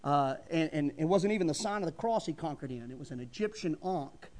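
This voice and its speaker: A middle-aged preacher with a notably high voice delivers his sermon in a folksy, fervent way. He swells into loud emphatic bursts and then drops back to plain talk. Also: lively intonation, fairly quick.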